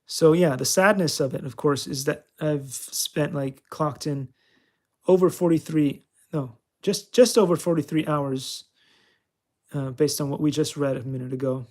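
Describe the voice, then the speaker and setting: A man's voice: on the high side, a little slow, darkish tone. A man giving casual, self-mocking commentary while he plays a flight simulator game. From California. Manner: chatty, self-mocking, talks to himself while playing. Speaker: channel host.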